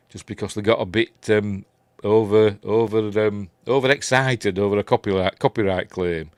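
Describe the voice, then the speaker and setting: The host of a livestream review show, a middle-aged man from Yorkshire with a local accent, chats casually, reads out viewer messages and laughs at his own jokes. His fairly low, darkish voice moves at normal speed, with no room sound.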